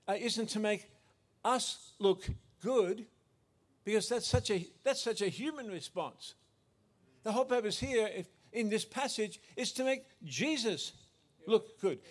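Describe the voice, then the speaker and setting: High-voiced man preaching a sermon. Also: expressive, a little slow. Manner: earnest, with frequent restarts and self-corrections. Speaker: pastor.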